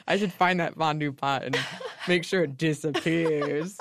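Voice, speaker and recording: A woman's voice: low voice, slow, background noise. A woman co-hosting a podcast, chatting casually with wry asides and giggles. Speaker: podcast co-host. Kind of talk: casual conversational history chat.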